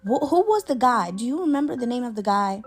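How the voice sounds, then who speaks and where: A woman's voice: on the high side, sing-song, quick pace, faint music behind. A young woman voicing a frightened young woman who talks in breathless, rising panic. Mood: urgent.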